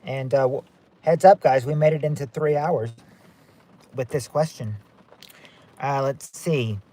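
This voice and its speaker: A man's voice: mid-range voice, unhurried, warm tone. A man hosting a live-stream game night, chatting as he reads out viewer guesses and rules on each one. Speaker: game show host.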